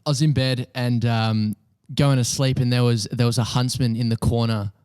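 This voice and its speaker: A man's voice: medium pitch, steady tone, normal speed, a little mellow, clear, resonant tone, dry recording, studio quality. A man in casual chat telling a story hesitantly, with frequent ums and restarts. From outside Australia.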